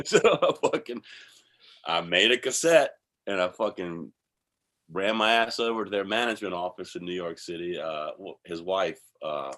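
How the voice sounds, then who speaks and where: A man telling a casual, animated story, heavy on swearing and bursts of laughter. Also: low-pitched. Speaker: guest musician.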